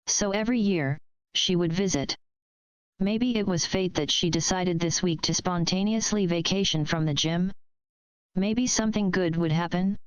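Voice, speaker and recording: A woman reading a fan fiction story aloud in a steady, measured way. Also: lowish voice, smooth, no echo, poor audio. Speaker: story reader. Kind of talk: fanfiction read aloud.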